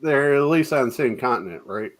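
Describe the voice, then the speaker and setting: A man hosting a casual interview chat, relaxed and teasing, laughing easily at his guest's answers. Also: mid-range voice, a little fast. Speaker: host.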